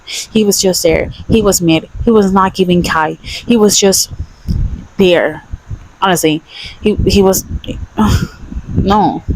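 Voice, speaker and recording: A woman's voice: fairly low pitch, darkish tone, rough recording. Exasperated young woman ranting about books. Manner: exasperated, emphatic, repeats herself. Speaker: book vlogger. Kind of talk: casual ranting book review.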